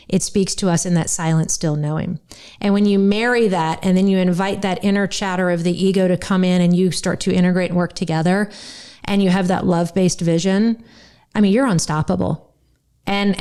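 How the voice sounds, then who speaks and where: A woman with a light North Carolina twang hosts a podcast in an earnest, animated way, often restarting her phrases. Her voice is smooth and clear and sits at a middle pitch. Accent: North Carolina Southern. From United States. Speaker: podcast host. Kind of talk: casual podcast conversation.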